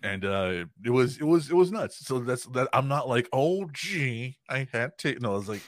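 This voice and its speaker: A man's voice: mid-range voice, animated, moderate pace, few pauses, no echo, clean studio sound. A man in his twenties telling a story on a podcast, laughing often, swearing freely and acting out what other people said. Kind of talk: casual storytelling chat.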